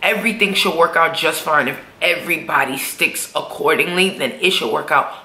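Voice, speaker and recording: Sharp-voiced woman with gravelly fry. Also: low-pitched, normal speed. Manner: slangy, profane, acts out characters' lines. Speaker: TV episode reviewer. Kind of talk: casual recap vlog. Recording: echoey room.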